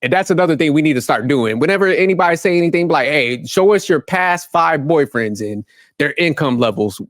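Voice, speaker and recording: A man's voice: fairly high pitch, lively intonation, fairly quick, fairly bright tone, no room sound. Heated profane man ranting, dry sound. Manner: heated, blunt, profane street-slang rant. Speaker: commentary channel host. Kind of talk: reaction rant commentary.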